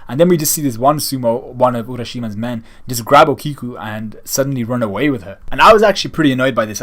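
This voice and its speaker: A man's voice: medium pitch, lively intonation, quick pace, hardly any pauses, a bit bright. A young man giving a casual, rambling chapter review of a manga, retelling scenes and slipping into quoted lines.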